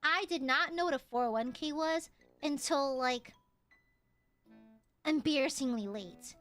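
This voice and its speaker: Young girl streaming, high bright voice, swears a lot, soft music behind. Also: unhurried. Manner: chatty, swears freely, squeals when excited. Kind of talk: casual livestream chat.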